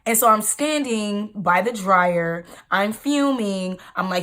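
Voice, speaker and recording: A young woman vlogger telling a personal story in an emphatic, slangy, animated way. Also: medium pitch, slow, few pauses. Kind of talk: storytime vlog.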